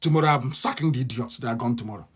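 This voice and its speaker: A man's voice: medium pitch, rapid-fire, husky. A man with a Nigerian accent giving a combative, mocking live radio address, repeating his points again and again. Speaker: radio broadcaster.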